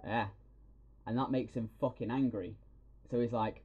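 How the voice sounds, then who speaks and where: Sweary excitable man, dull lo-fi audio. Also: mid-range voice, fast talker, slightly rough. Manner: excitable, sweary, retells scenes. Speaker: podcast host. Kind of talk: casual film review chat.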